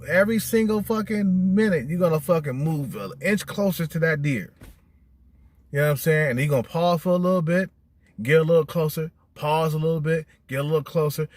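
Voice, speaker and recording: A middle-aged man talking casually and bluntly, swearing often and repeating "you know what I'm saying," his voice climbing high and animated when he retells others' words. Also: dry recording. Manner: animated, rising high when quoting texts. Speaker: vlogger. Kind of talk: casual monologue.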